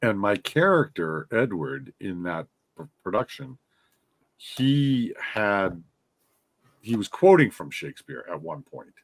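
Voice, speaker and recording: A man hosting a podcast, joking and expressive in casual conversation. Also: lowish voice, takes it slowly, gravelly. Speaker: podcast host.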